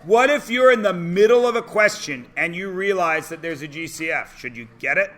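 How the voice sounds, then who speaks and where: A man's voice: sits high, expressive, moderate pace, a bit bright. A man teaching a math class, joking and punning, quizzing students with call-and-response. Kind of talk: classroom lecture.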